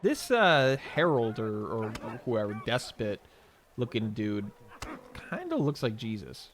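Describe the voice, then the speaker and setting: A young man streaming a video game, telling stories in an animated, profane, casual way. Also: fairly low pitch, slow, a little hiss or hum. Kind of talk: casual gameplay commentary.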